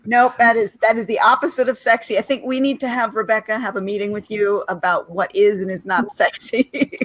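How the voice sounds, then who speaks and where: A woman who is a guest author, chatting in a teasing, quick manner with frequent laughs on a video call. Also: mid-range voice, steady tone, no room sound. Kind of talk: casual panel chat.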